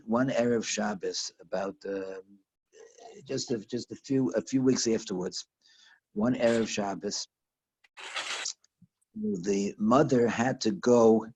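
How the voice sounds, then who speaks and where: A man teaching a lesson over a video call, telling a story in a halting way with lots of restarts and fillers. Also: fairly low pitch, mellow, lo-fi sound. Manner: halting, repeats words, many fillers.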